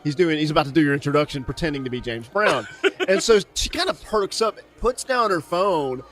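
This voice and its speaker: A man's voice: a little high, a little fast, faint music behind. Man telling a story, laughing. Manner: animated storytelling, frequent laughing. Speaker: co-host. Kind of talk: casual interview chat.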